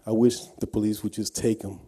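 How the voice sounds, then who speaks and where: A man's voice: on the low side, level tone, a little fast, warm tone, husky. A man giving an earnest personal testimony, telling his story with frequent restarts. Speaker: guest speaker.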